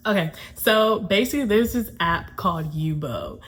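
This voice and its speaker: A young woman from Atlanta hosts a laid-back storytime video. She talks in an easygoing, chatty way at a middle pitch. Nervous little laughs keep slipping between her sentences. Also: lively intonation, moderate pace, a bit bright. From Atlanta, USA. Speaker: YouTuber. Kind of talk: casual storytime vlog.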